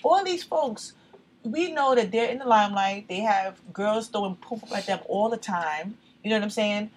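A woman's voice: mid-range voice, moderate pace, a little hiss or hum. A woman co-hosting a casual chat, blunt and outspoken, swearing freely.

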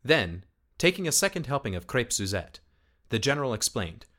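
A man narrating a short story as an audiobook reading, in a measured, steady storytelling manner. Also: medium pitch.

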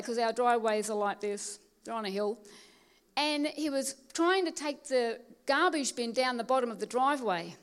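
A woman preaching a sermon, telling stories and slowing down to stress key phrases. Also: high voice. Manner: storytelling, emphatic preaching with slow stressed phrases. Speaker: pastor.

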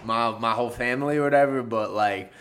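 A man's voice: medium pitch, brisk, fairly bright tone, slight background noise. A man with a Philadelphia accent, co-hosting a podcast in rambling, hesitant casual chat that often fades to a mumble. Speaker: podcast co-host.

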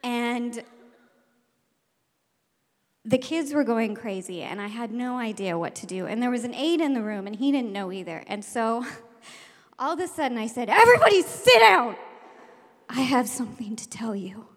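A woman with a fairly high voice tells a true story from her teaching days before a live audience. She is animated and laughs often, acting out the lines she shouted. Her voice carries a long hall reverb. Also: normal speed, pauses often.

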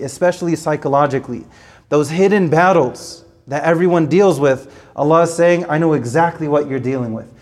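Earnest male preacher, slightly high voice. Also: a little mellow. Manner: earnest, repetitive emphasis, recites Arabic verses. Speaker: Islamic preacher. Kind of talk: sermon.

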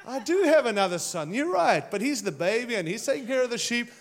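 A man's voice: a little fast, heavily acted. A man preaching puts on the voice of a flustered father who suddenly remembers another son. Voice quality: raised excited pitch. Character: flustered eager older father, surprised.

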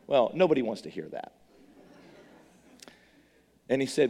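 A middle-aged man giving a sermon testimony, telling his story with animated energy and tripping over repeated words. His voice sits at a middle pitch, and a long reverb trails each phrase through a big hall. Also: a little slow, long pauses. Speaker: preacher.

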